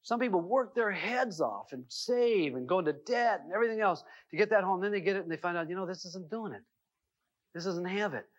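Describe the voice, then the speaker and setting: A middle-aged man with a fairly high voice tells stories in a folksy, animated way, full of "you know" and restarts. He is a seminar speaker giving a self-help talk. The sound is dull and lo-fi, like old VHS tape audio. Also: a little fast. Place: seminar room.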